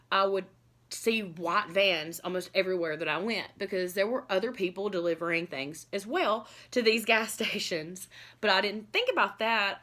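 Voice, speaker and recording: A woman's voice: medium pitch, bright, forceful tone. A woman vlogger telling a personal story in an earnest, confessional way, rambling and filling her talk with "like" and "you know". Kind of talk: candid personal storytelling to camera.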